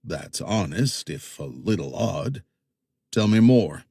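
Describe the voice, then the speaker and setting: A man voicing a menacing backwoods boatman with a shotgun in an audiobook, with slow rural threats. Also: low-pitched, animated, mellow, slightly rough, no echo, clean studio sound, heavily acted.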